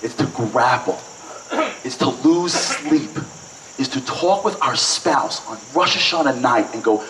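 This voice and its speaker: A man's voice: medium pitch, expressive, unhurried, fairly bright tone. A man giving a passionate motivational talk at a breakfast event, building to emphatic peaks and acting out little dialogues. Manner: passionate, rising and falling with emphasis, acts out dialogue. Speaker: inspirational speaker. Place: event hall. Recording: distant mic with faint noise.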